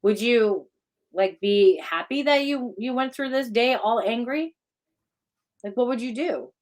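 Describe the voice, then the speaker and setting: A woman co-hosting a podcast in casual chat, talking in an animated way and swearing casually. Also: on the high side, unhurried. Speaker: podcast co-host.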